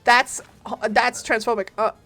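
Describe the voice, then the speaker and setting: Giggly and playful, a female streamer talks to her chat during a casual gaming session, with faint game music in the background. Her voice is a little high and fairly bright, with fairly even intonation and a measured pace.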